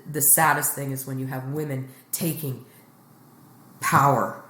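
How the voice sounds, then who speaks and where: A middle-aged woman, a guest comedian, speaks in a bass voice at a slightly slow pace in an echoey room. She's blunt and joking, giving an animated retelling during a candid storytelling chat.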